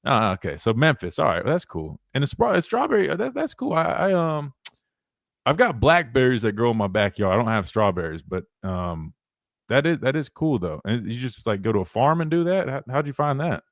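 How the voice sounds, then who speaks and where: This is casual talk radio from a young sports show host who rambles animatedly, often restarting and saying "wait, hold on." His medium-pitched voice is brisk and gravelly, captured clean in the studio with no echo.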